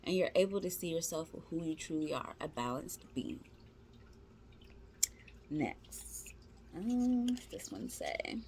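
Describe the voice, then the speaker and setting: A woman's voice: low-pitched, sing-song, slow pace, long pauses, darkish tone, slightly rough. Chatty, encouraging woman reading tarot. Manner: chatty, encouraging, addresses viewers as y'all; slangy, informal speech. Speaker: tarot reader.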